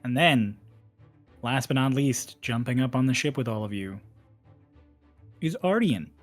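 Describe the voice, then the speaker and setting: A man's voice: mid-range voice, a little slow, soft background music. Chill guy running a tabletop game, takes his time, curses casually. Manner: laid-back, laughs often, casual swearing. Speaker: game master.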